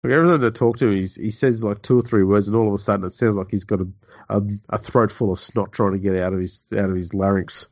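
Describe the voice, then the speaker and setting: A man's voice: fairly low pitch, steady tone, fast, a little mellow, no echo. A man co-hosting a sports podcast, trading dry wisecracks in casual chat. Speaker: podcast co-host. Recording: dull, dry home podcast mic.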